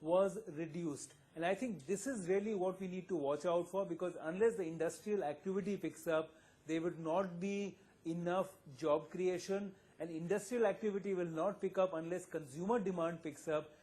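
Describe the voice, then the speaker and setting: Measured high-voiced man on a news panel. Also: a little mellow. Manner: measured, analytical. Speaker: economist panel guest. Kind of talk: live TV news panel discussion.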